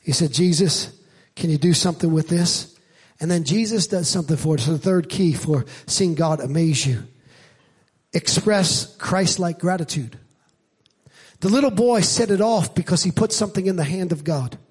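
A middle-aged man preaching a sermon as pastor, animated and climbing loud for emphasis. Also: a little high, moderate pace, breathy edge. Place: church.

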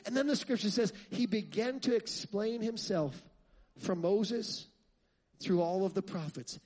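High-voiced man preaching with fervor. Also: unhurried. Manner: rhetorical questions to the congregation, building to loud fervent passages. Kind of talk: sermon.

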